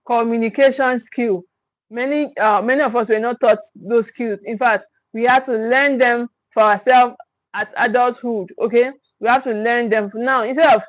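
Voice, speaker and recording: A woman's voice: on the high side, dry recording, rough recording. A woman, a parenting coach teaching on a livestream, stressing and repeating her key points and checking in with viewers. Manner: emphatic, repeats key phrases; speaks directly to the viewers, with check-ins.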